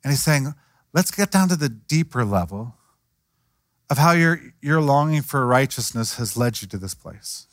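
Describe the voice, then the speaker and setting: A man's voice: medium pitch, animated, moderate pace, dry recording, studio quality. A man preaching a sermon in a conversational way, acting out the voices of the people he quotes. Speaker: pastor.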